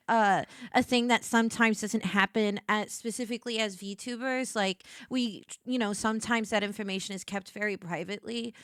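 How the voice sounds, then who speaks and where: Bright, gushing woman streamer host. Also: fairly high pitch, clear, resonant tone, dry recording, studio quality. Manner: gushing, laughs often, halting restarts. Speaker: streamer hosting a charity panel. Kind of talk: casual chat.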